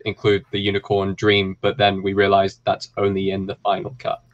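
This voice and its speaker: A man hosting a film quiz, reading questions and answers with relaxed, chatty asides. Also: low-pitched, normal speed, muffled recording. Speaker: quiz host.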